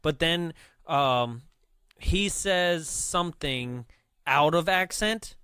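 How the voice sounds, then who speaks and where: A man's voice: on the high side, slow, pushed and bright, smooth, no room sound, clean studio sound. A man co-hosting a movie podcast, chatting casually and laughing often as he quotes the film. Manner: laughs often, quotes lines in a put-on accent. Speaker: podcast co-host. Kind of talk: casual movie review chat.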